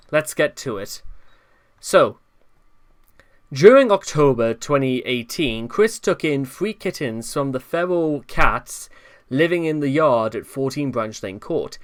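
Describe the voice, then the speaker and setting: A man hosting an online commentary video, reading notes and breaking off in exasperated, rambling asides. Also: medium pitch. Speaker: commentary channel host.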